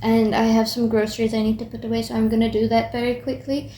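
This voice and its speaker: A woman's voice: a little high, monotone, fast, mellow, slight background noise. A young woman student chatting casually in a video diary, rambling with lots of fillers. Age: young adult. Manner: rambling, self-talking with many fillers. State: tired late at night. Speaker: student vlogger.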